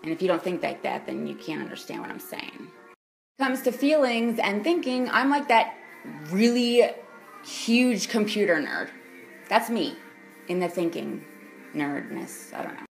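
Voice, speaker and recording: A young adult woman ranting in a vlog, blunt and profane, swinging between loud outbursts and quiet mutters. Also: mid-range voice, big pitch swings, moderate pace, creaky, faint music behind. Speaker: vlogger.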